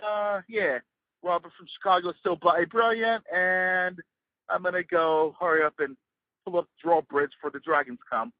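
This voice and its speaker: A man's voice: high-pitched, no room sound. A British man calling in to a podcast, ranting in a blustering, profane way. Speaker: caller. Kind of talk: comic rant over the phone. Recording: tinny phone line.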